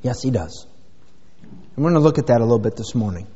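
A man's voice: medium pitch, expressive, fast talker, mellow, slightly rough. A middle-aged man preaching a sermon as a pastor, in a rambling, folksy way with many fillers. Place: church sanctuary. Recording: dull sound with long hall reverb.

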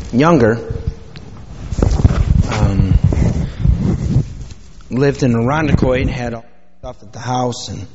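A middle-aged man preaches in a loose, rambling, folksy way, full of fillers. His voice sits at an ordinary pitch for a man. The recording is dull and lo-fi, with the long reverb of a church hall. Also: slow pace, gravelly, pauses often, heavy background noise. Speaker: pastor. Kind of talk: informal sermon with prayer. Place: church sanctuary.

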